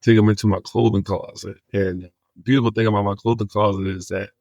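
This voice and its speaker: A man's voice: lowish voice, fast, no echo, muffled recording. A man, a guest in a podcast interview, telling stories and acting out the dialogue in them. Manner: animated storyteller acting out quoted dialogue. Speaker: guest, homelessness outreach worker.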